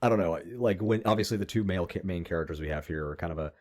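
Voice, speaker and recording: Young man, podcast co-host, casual chat, opinionated, rambling, swears, lowish pitch. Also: rapid-fire, darkish tone.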